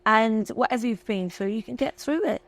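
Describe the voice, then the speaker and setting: A woman in her fifties, speaking a little high and a little fast, is an interview guest in a candid chat. She talks emotionally and openly, in a chatty, self-mocking way.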